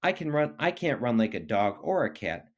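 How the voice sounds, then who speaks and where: A man's voice: sing-song, normal speed. A man voicing a small, stubborn young female tortoise in a storybook reading, in a raised, pleading voice. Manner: pleading then cross, higher voice.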